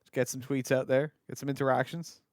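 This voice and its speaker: A man's voice: mid-range voice, flat delivery, brisk, darkish tone, slight background noise. A man co-casting an esports match, giving laid-back, jokey color commentary and analysis. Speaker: esports co-caster.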